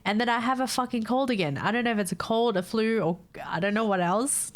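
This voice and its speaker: A woman's voice: fairly high pitch, a little fast, few pauses. A young woman with a stuffed-up nose from a cold, chatting casually to her stream viewers, swearing freely and laughing often. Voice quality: nasal, congested.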